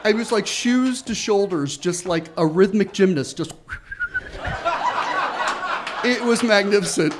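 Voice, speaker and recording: A man telling a first-person story, animated and full of laughing asides. His voice sits on the high side for a man. He acts out his own panic with lively, quick bursts. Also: slight background noise.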